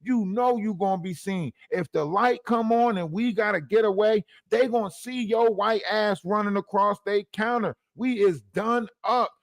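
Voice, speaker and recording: An indignant roach grumbles at an albino companion in exasperated street slang, as a man puts it on. The voice rides a bit high and dry, close and bare. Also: normal speed, gravelly, few pauses, no echo.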